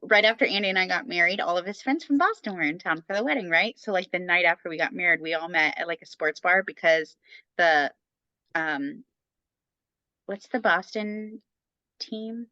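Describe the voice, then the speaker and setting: A woman's voice: lowish voice, moderate pace, bright, forceful tone, no room sound, highs cut off. A woman in her thirties co-hosting a podcast about motherhood, chatting casually and rambling with lots of fillers. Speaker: podcast co-host. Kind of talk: casual chat.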